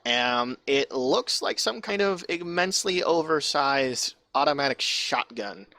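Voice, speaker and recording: Creaky bright-voiced male game master. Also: mid-range voice, expressive, measured pace, no room sound. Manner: casual, rambling, swears freely. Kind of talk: narrating a tabletop game online.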